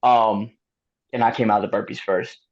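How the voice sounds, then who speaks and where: A man being interviewed, telling a race story in a casual, animated way, laughing often and using lots of fillers. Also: lowish voice, normal speed. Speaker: guest athlete. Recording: dull lo-fi sound.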